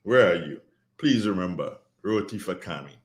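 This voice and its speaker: A man's voice: deep voice, expressive, normal speed. A man with a Grenadian accent hosting a radio talk show, commenting earnestly and repeating phrases for emphasis. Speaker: radio host.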